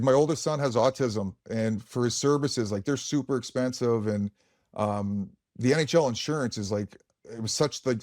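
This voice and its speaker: A man's voice: medium pitch, a little mellow, dry recording, studio quality. A man in his forties, a former hockey player, telling stories on a podcast in a frank, rambling way full of fillers and swearing. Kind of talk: casual podcast storytelling.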